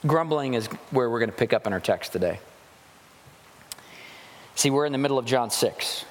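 A man preaching a sermon as a pastor, animated and acting out grumbling voices as he goes. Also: medium pitch, moderate pace. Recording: long hall reverb.

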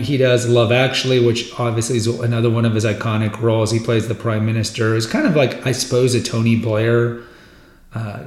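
A male podcast host talks through an actor's films in a loose, rambling, enthusiastic chat. His voice sits at an ordinary middle pitch. The room around him rings with a noticeable echo. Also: a little mellow. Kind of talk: casual film retrospective chat. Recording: roomy echoey room sound.

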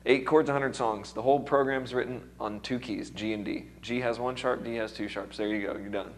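A man's voice: mid-range voice, steady tone, brisk, a little hiss or hum. Casual man teaching a music class. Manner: casual, encouraging, checks in with the class often. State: recovering voice. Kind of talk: classroom music theory lesson.

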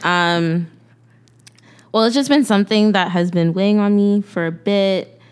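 A woman's voice: medium pitch, clear, resonant tone. A woman, co-hosting a podcast in a casual, earnest way with lots of "like" fillers. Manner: earnest, halting, many "like" fillers. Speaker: podcast co-host.

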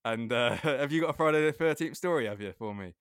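A man's voice: medium pitch, animated, quick pace, smooth, dry recording, clean studio sound. A man, chatting casually as a podcast co-host, swearing constantly and laughing often as he tells a story. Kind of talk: casual chat.

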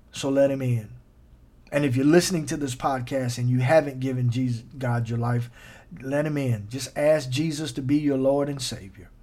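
A man hosting a faith podcast, preaching earnestly and emotionally. He repeats his phrases, his voice dropping soft and close to tears. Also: medium pitch. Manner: earnest, repetitive, emotional, softens to near-whisper. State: near tears. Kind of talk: heartfelt podcast sermon.

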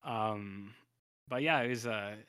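A man's voice: fairly low pitch, takes it slowly, sharp tone, smooth, dry recording, studio quality. A man co-hosting a podcast, casually recapping a TV series with lots of ums, uhs and restarts. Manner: rambling, heavy on fillers and restarts. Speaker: podcast co-host. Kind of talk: casual chat recapping a TV show.

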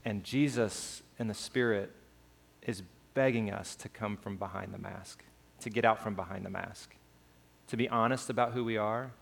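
Man preacher, lowish voice with heavy fry, reflective sermon close. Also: steady tone. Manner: reflective, measured closing.

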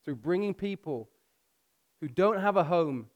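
A man with a fairly high voice preaching to his church. He climbs in pitch and volume to drive points home, then slows right down to read scripture aloud. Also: lively intonation, highs cut off. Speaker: pastor. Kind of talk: sermon.

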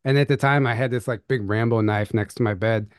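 A man's voice: medium pitch, steady tone, a little fast, clear, resonant tone, no echo. A young man co-hosting a podcast who tells his story in fits and starts. He restarts his sentences and laughs nervously. His voice sits mid-range and close, with no room sound around it. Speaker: podcast co-host. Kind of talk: casual storytelling chat.

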